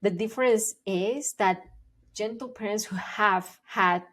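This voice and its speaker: A woman's voice: mid-range voice, measured pace, fairly bright tone. A woman working as a parenting educator, explaining her ideas to the camera in an earnest, emphatic way and repeating her key points. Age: adult, parent of young children.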